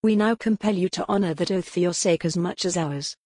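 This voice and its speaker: A woman reading an audiobook voices a cool, mocking man who leads a sinister order, with a smooth, sardonic manner. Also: lowish voice, brisk, darkish tone, no room sound, studio quality, lightly acted. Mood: cold.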